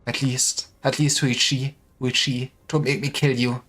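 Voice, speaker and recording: A streamer voicing a bitter, vengeful young swordswoman in a low, hushed, seething tone. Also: flat delivery, unhurried. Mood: hateful.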